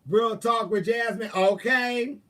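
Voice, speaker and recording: A man's voice: very high-pitched, steady tone, takes it slowly, fairly bright tone, distant mic. A man hosting a live stream, chatting casually with viewers in a sassy, profane way. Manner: sassy, profane, drawling asides. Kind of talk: casual chat, answering viewers.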